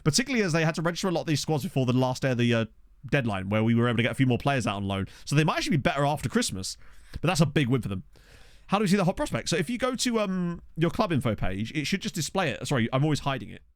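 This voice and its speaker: Lively chatty man streamer. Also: fairly high pitch, rapid-fire, no echo, clean studio sound. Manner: chatty, excitable, talks to chat. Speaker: game streamer. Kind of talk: casual let's-play commentary. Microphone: desktop USB microphone.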